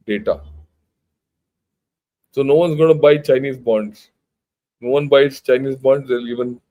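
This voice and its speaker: An older man, a retired general who hosts a channel, reads out news in Indian English over narrow, tinny audio. His mid-range voice is emphatic and blunt, and his informal talk is full of restarts.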